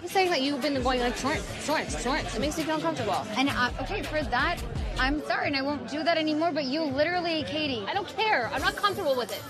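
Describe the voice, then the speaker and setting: A woman's voice: sits high, expressive, fast talker. A woman arguing heatedly in a reality show clip, talking defensively and cutting in. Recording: clip with loud music and crowd.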